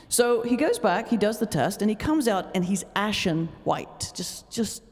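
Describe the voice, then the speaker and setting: A woman pastor giving a humorous talk, telling stories in an animated way with sudden jumps in pitch. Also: normal speed, hardly any pauses. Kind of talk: humorous lecture storytelling. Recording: long reverb of a large hall.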